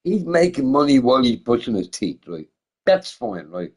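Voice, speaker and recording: A man's voice: mid-range voice, sing-song, moderate pace, low-quality recording. A man chatting casually on a stream, swearing often, laughing and firing off rhetorical questions. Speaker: gaming streamer chatting with viewers. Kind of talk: casual rambling chat.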